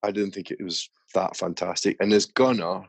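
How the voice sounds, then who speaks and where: A man's voice: low-pitched, fairly even intonation, normal speed, vocal fry, no echo. A man hosting a podcast, telling stories in a casual, chatty way. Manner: chatty storyteller. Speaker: podcast host. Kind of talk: casual chat.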